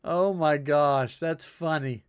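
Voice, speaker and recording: A man streaming a game, casually reading corny jokes aloud and breaking into high, tearful laughter at them. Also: slow pace, smooth. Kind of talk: casual live-stream chat.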